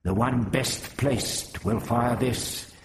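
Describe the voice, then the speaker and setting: A man's voice: mid-range voice, slow pace, noisy background. A man doing a stern alien warrior. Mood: instructing. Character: stern male insect-like alien warrior, commanding.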